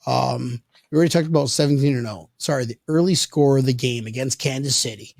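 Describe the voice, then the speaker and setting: A man hosting a casual sports podcast from home, rowdy and joking as he tells loud stories. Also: mid-range voice, brisk, vocal fry, no echo, studio quality. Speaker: podcast host. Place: home, living in South Florida.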